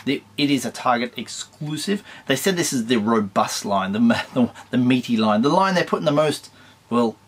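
An Australian man hosts a toy collecting show in a relaxed, chatty way. His voice sits at an ordinary middle pitch, and he drifts from eager excitement to dry little jokes. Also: moderate pace, breathy edge. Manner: chatty, enthusiastic, wry asides. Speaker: toy collector channel host. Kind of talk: casual chat reviewing toy news.

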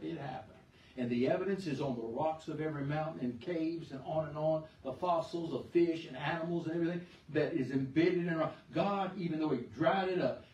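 A male pastor preaching a sermon in a church, emphatic, swinging between loud and soft and asking the congregation questions. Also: mid-range voice, slight background noise. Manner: emphatic, rises and drops sharply in volume, asks the congregation questions. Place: church sanctuary. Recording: echoey church room, far mic.

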